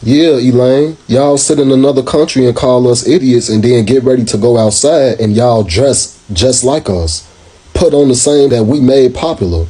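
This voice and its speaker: Husky sarcastic American man. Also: medium pitch, moderate pace, warm tone. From United States. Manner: sarcastic, repeatedly addresses the clip, slangy. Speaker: commentator reacting to clips. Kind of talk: reaction video commentary.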